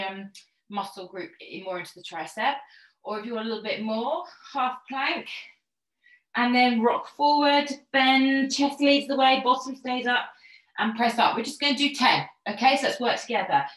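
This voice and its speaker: A fitness instructor with a fairly bright, higher-pitched voice leads an online pilates class in an echoey room. She is encouraging and a little out of breath as she counts reps and gives step-by-step cues for each move.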